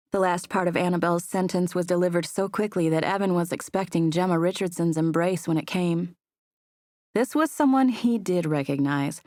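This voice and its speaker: A woman narrating an audiobook in a steady, gentle storytelling manner. Her voice sits on the low side. The recording is dry and close, with no room sound. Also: no room sound. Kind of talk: scripted narration.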